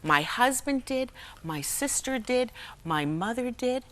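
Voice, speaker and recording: A woman's voice: a little high, lively intonation, slow pace, a bit bright. A middle-aged woman telling a personal story as a talk show guest, acting out the voices of people in it and often laughing. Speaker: guest speaker and humorist. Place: television studio.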